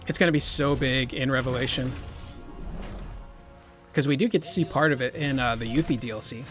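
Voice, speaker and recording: A young man hosting a gaming channel, chatting excitedly through a let's-play. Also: medium pitch, fairly quick, soft background music. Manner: chatty, excitable remarks on the fight. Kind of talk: casual let's-play commentary.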